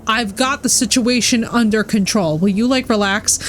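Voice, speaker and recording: A woman's voice: fairly high pitch, moderate pace, slight background noise, close to an everyday voice. Woman doing a Jersey guy lecturing. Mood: exasperated. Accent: New Jersey. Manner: lecturing, reassuring. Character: exasperated laid-back man reassuring his partner.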